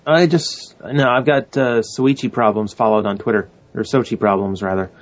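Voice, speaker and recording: A man's voice: medium pitch, steady tone, moderate pace. Rambling male radio co-host. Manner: rambling, self-correcting. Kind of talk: casual banter. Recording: dull lo-fi audio.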